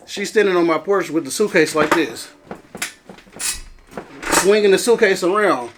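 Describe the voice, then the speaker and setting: Man, high pitch, casual storytelling, animated, laughs a lot. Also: moderate pace. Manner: animated, acts out quotes, laughs often. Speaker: cast member telling a story.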